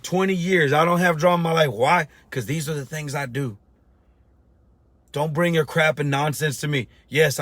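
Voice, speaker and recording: Blunt, fired-up man with a higher voice. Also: a bit bright, dry recording. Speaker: business coach. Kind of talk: blunt motivational rant to camera.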